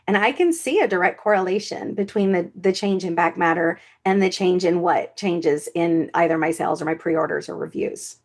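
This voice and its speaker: A woman's voice: fairly low pitch, moderate pace, few pauses. A woman co-hosting a podcast who shares her own experience as an independent author in an upbeat, conversational way. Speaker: podcast co-host and indie author.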